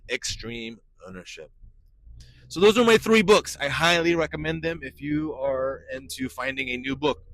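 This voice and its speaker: A man's voice: on the high side, animated, moderate pace, fairly bright tone, low-quality recording. A man in his forties, a pastor, giving casual podcast talk in an enthusiastic, emphatic way and repeating key phrases. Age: 40s.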